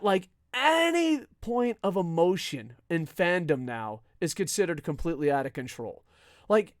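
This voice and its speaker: A man hosting a live wrestling podcast alone, ranting loudly and swearing often as he reads viewer comments. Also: high-pitched, no echo, studio quality. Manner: loud, profane, often yelling.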